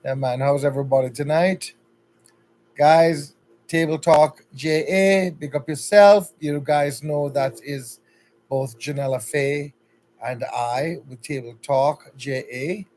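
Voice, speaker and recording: A chatty man with a Jamaican accent hosts a casual livestream from home. His voice sits a little high, and he greets each viewer by name in an upbeat way. A faint room hum stays in the background. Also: slow, darkish tone, rough recording. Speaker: livestream host.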